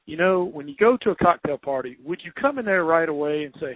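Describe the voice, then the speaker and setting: A man with a Southern accent hosting a podcast interview, chatty and quick to laugh, with many restarts. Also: high voice, expressive. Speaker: podcast host, home inspector. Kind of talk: casual interview chat. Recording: dry, phone-like narrow sound.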